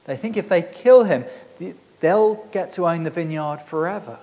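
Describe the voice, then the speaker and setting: A man delivers a sermon in an earnest, conversational tone. His voice sits high for a man, and he often restarts his phrases as he talks. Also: lively intonation, normal speed, dark tone. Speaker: preacher.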